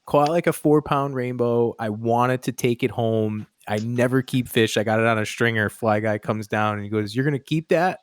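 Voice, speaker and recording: A man's voice: medium pitch, fairly even intonation, normal speed, few pauses, clean tone, no room sound, clean studio sound. A man in a casual chat who tells stories bluntly, swears freely and gets worked up. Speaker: podcast host.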